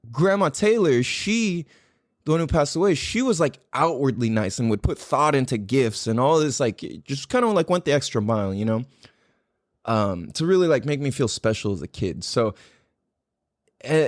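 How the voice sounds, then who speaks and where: A man in his forties hosting a podcast, his slang-heavy and profane talk swooping up and down in pitch. His voice sits a bit higher than most men's. It is recorded close and dry, with no room sound. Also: expressive, normal speed, dry recording. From USA. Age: 40s. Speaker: podcast host. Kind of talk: casual monologue.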